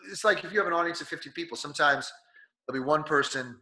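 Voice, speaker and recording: A man speaks as an interview guest, coaching listeners on performing. His tone is bright and forceful, with a slightly nasal edge from being sick. He talks with lively energy and often acts out what others say. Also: a little high, quick pace. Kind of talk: conversational interview.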